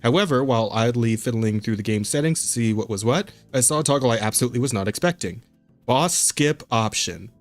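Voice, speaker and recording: A man's voice: medium pitch, brisk, dry recording, soft background music. Laid-back man on a dry podcast mic. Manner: relaxed, self-deprecating, laughs often. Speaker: podcast co-host. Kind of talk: casual podcast chat.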